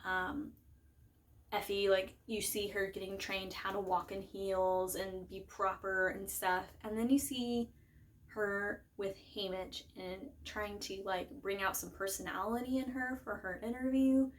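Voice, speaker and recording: A woman's voice: mid-range voice, fairly even intonation, measured pace, a little hiss or hum. A young woman chatting casually about a book and its film, rambling with lots of fillers and self-corrections. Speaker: book vlogger. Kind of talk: casual chat.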